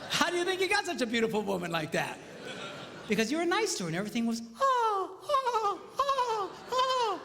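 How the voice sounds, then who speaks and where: Animated middle-aged man, comic seminar talk. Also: very high voice, very fast. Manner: animated, with squealing impressions of women. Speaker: marriage seminar speaker. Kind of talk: comic storytelling to a live audience. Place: large hall with a live audience. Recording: long hall reverb, faint noise.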